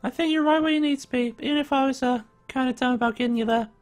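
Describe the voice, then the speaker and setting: A man voicing an upbeat young woman roommate in a high falsetto, chatty and apologetic. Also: quick pace, dry recording. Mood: cheerful.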